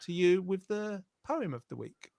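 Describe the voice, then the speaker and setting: A man's voice: high voice, sing-song, moderate pace, creaky, a little mellow, no room sound, clean studio sound. A man hosting a casual online show, chatty and teasing in a friendly way. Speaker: host.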